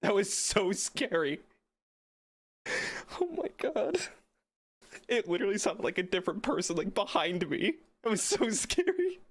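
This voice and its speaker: A male streamer sounds phlegmy from being sick. His pitch swings widely as he reacts, and he swears freely. He speaks slowly and takes his time between words. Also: sing-song. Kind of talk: live game stream commentary.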